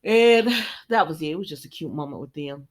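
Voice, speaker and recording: A woman's voice: low voice, lively intonation, fairly quick. A woman, casually recapping a soap opera episode, chatty, laughing often and slipping into voices for the characters.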